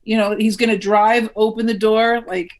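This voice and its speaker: A woman's voice: a little high, little pitch movement, normal speed. Woman, co-host, dry teasing humor, easygoing chat. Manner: wry, teasing banter. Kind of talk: casual chat.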